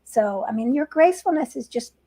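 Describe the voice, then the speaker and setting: A woman hosting an interview, talking in an affirming, encouraging way with gentle laughs. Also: sits high, lively intonation, fairly quick. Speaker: podcast host. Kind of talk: conversational interview.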